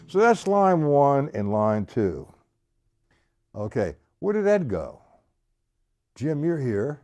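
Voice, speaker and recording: Over loud music and his own snare drumming, a man gives a live-streamed drum lesson, explaining accents and calling out the count loudly. His mid-range voice swoops wildly in pitch, and he speaks slowly, pausing often.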